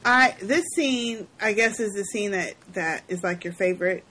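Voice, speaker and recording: A woman's voice: mid-range voice, moderate pace, sharp tone, breathy edge, low-quality recording. A woman co-hosting a podcast, casually recapping a movie, often laughing and asking questions. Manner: laughing, playful, asks questions. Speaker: podcast co-host.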